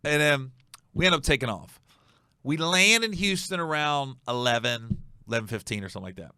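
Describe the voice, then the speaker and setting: A man tells a story as a comedy host, jumping between voices for the people in it. His pitch swings widely and his tone is bright and forward. The recording is close and dry. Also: fairly quick, no echo. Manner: animated, acts out the other voices in the story. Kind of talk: storytelling monologue.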